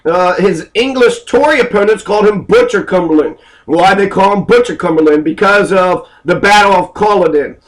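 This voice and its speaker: A man's voice: sits high, moderate pace, poor audio. A man giving an angry, profane history lecture, full of rhetorical questions and hesitant fillers. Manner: angry, ranting, heavy cursing, rhetorical questions. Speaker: speaker giving a political history talk.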